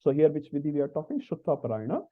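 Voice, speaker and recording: A man's voice: on the high side, sing-song, very fast. A man teaching an online scripture class, chatty and asking little tag questions. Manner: conversational, frequent tag questions. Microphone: video call. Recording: tinny phone-like call audio.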